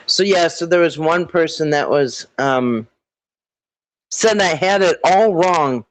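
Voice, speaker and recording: A man hosting a casual live stream, rambling with halting restarts and frequent throat clearing. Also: on the high side, animated, dry recording, low-quality recording. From Minnesota.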